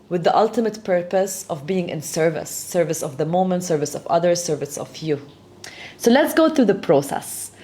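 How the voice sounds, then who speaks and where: A woman's voice: mid-range voice, darkish tone. A woman hosting a self-help talk, explaining steps in an earnest coaching manner and often checking in with "right?". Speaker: host.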